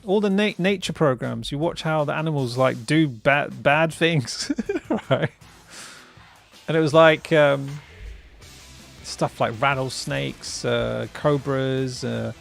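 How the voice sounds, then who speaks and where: A man's voice: mid-range voice, slow pace, vocal fry, faint music behind. A man hosting a live stream in casual chat, rambling and laughing often, tagging lines with "right?" and "bruv". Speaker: streamer host.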